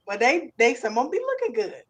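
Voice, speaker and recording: A woman's voice: sits high, huge pitch swings, brisk. Playful slangy woman laughing often. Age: young adult. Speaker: podcast co-host. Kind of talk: casual banter.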